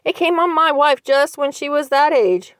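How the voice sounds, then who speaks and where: A gruff, impatient old farmer, played by a woman reader, grumbles his lines in a loud, heavy way. His voice sounds close and dry. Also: sits high, lively intonation, normal speed, dry recording, pitched above the performer's own voice. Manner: bawling, grumbling.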